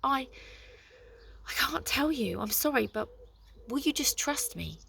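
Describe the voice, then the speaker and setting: Storybook heroine, read by a woman, urgent and lively. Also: high voice, measured pace, vocal fry, a little hiss or hum, pitched above the performer's own voice, heavily acted.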